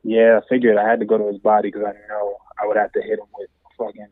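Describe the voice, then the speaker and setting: Man, 20s, relaxed, swears casually, deep-ish voice, phone-line sound. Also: quick pace, no room sound. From Jamaica. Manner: laid-back, laughs easily, swears casually. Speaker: guest fighter calling in.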